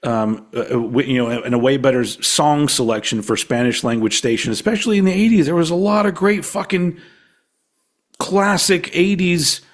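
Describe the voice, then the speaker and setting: A man from Texas co-hosting a podcast, chatting casually with a rambling, swearing delivery that sometimes trails off quietly. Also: a little high, fairly even intonation, moderate pace. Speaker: podcast co-host. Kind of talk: casual chat.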